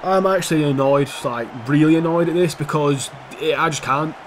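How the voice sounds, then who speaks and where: Young man, sweary gameplay commentary, slightly high voice, faint background hiss. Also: normal speed. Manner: swears a lot, swings from calm play-by-play to heated outbursts. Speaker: gaming YouTuber.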